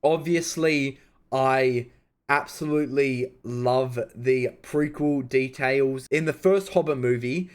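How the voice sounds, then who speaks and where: A young man reacting to films in casual commentary, excitable, swearing and laughing. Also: medium pitch, slow pace. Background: film music playing.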